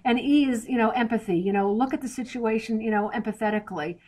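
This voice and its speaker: A woman's voice: a little high, fast, a little mellow. A woman guest on a podcast interview, explaining plainly and directly, step by step.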